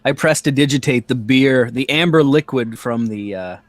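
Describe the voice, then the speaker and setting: Casual male player, mid-pitched, dry recording. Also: moderate pace, no echo. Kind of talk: playing a tabletop game.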